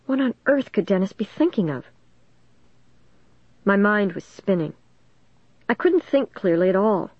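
A woman narrating a first-person suspense story in a steady, dramatic storytelling manner. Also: medium pitch, a little slow, pauses often, slightly rough, dry recording, highs cut off. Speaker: audiobook narrator.

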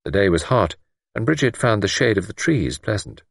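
A man narrating an audiobook story in a measured, expressive way. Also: lowish voice, creaky, dry recording, studio quality.

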